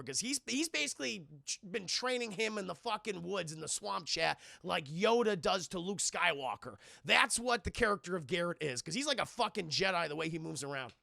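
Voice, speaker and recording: A young man recapping a movie on a live stream, talking to his chat and swearing often as he rambles. His voice sits high, with heavy vocal fry and a bright edge. The sound is close and dry. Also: expressive, fairly quick, no echo. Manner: rambling, profane, addresses chat.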